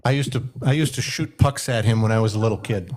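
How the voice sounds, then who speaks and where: A man's voice: lowish voice, quick pace, crowd noise. A man on a livestream panel asking trivia questions, playful and repeating himself as he talks. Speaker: quiz asker on a livestream panel. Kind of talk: casual livestream chat.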